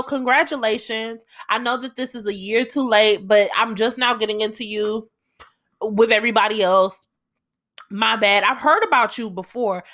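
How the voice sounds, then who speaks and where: A woman's voice: a little high, fairly bright tone. A young woman hosting a solo podcast, ranting emphatically with lots of swearing and heated outbursts. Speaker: podcast host.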